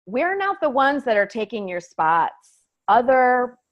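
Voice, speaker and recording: Swearing, animated woman comedian chatting. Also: on the high side, a little slow, lo-fi sound. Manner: animated, swearing, heavy use of "like". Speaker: stand-up comedian, guest. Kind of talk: casual interview storytelling.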